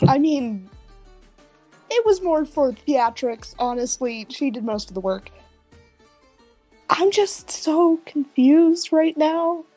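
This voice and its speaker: A woman's voice: high voice, lively intonation, takes it slowly, long pauses, mellow, faint music behind. A woman player in a tabletop game, playful and slipping in and out of character. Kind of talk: tabletop role-play chat.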